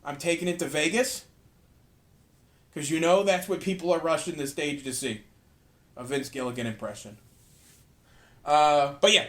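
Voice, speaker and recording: A man's voice: sits high, a bit bright. A young man hosting his own podcast alone, rambling loosely and swearing freely in a casual rant. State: tired from cleaning. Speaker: podcast host.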